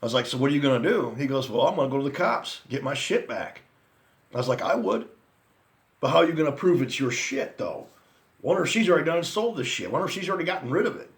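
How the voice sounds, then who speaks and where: A vlogger in his forties, his voice a little high, animated and quick, launches into a casual storytelling rant. He tells rambling, profane tales about his friends and past, laughing at his own anecdotes.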